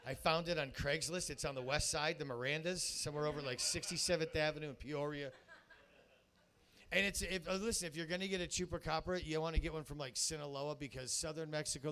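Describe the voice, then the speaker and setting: A man doing a rambling stand-up comedy set on a handheld mic in a live venue, telling absurd stories with a deadpan, profane delivery. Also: a little high, rough recording. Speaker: stand-up comedian and show host. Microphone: handheld stage mic.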